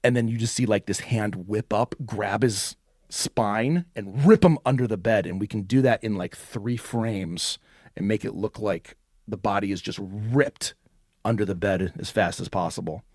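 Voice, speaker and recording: A man's voice: on the low side, moderate pace, darkish tone, no room sound, studio quality. A man co-hosting a podcast, rambling and swearing in casual chat, says like a lot. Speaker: podcast co-host.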